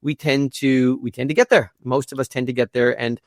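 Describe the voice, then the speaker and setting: A man speaking as a guest in a conversational interview, earnest and prone to repeating words as he thinks, with a gravelly voice. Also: mid-range voice, fairly even intonation, fairly quick, no echo, clean studio sound. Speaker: guest, institute executive director.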